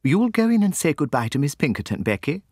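A man's voice: fairly high pitch, big pitch swings, fast talker, darkish tone, breathy edge, dry recording, studio quality, pitched above the performer's own voice. A man reading an audiobook, voicing a timid, nervous woman who trembles as she speaks. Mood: eager. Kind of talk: audiobook character voice.

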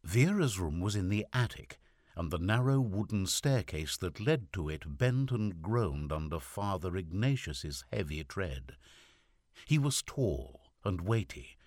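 A man narrating a classic short story as an audiobook, in a measured, expressive reading. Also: low voice, no room sound, clean studio sound. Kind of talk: scripted narration.

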